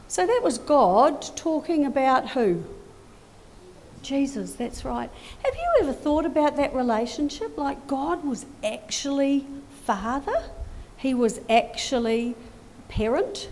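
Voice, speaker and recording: A middle-aged woman talks with children during a church service. Her voice sits high and swings widely as she asks them questions, and her pace is unhurried. A faint room ambience hangs behind her. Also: big pitch swings, darkish tone, a little hiss or hum. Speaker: children's talk leader at church.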